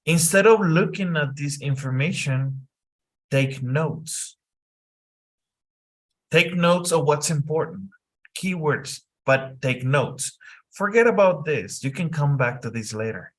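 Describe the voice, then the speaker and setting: Slow, patient male tutor. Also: on the high side, animated. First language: Spanish. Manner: patient, repeats instructions slowly. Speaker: English tutor. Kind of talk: one-on-one lesson coaching.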